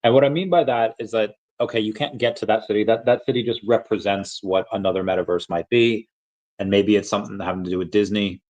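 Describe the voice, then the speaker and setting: A man's voice: fairly low pitch, steady tone, fast talker, darkish tone. A young man hosting a casual livestream, reading chat aloud in a rambling, playful way and often stumbling over repeated words.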